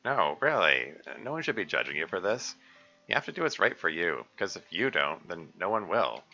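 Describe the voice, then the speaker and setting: Brief: man doing a tough-talking young girl, firm and direct, bright tone. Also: deep voice, big pitch swings, normal speed, lo-fi sound, soft background music, full character voice. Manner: blunt, firm. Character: blunt, feisty young girl.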